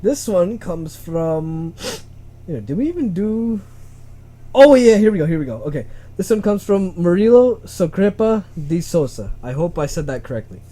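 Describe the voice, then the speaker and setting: Animated young man hosting a podcast. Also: high voice, normal speed. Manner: animated, laughs often, stumbles over words. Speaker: podcast host. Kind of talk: casual podcast chat. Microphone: home microphone, uneven volume.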